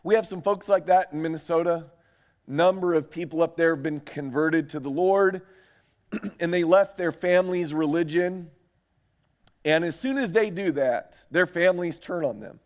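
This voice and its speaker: Male preacher, high-ish voice, animated, quizzes the congregation. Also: moderate pace. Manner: animated, asks the audience questions. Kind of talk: sermon lecture.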